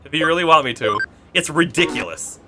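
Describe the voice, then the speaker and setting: A man's voice: on the high side, lively intonation, brisk, music in the background. A man streaming a video game, rambling casually and correcting himself as he goes. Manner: rambling, self-correcting, laughs often. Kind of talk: casual gameplay commentary.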